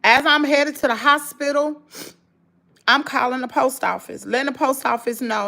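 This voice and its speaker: A woman's voice: high-pitched, fairly even intonation, moderate pace, vocal fry, pushed and bright. A woman with a Southern US accent, telling an emotional story straight to her viewers in an emphatic, rambling way, full of restarts. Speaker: vlogger.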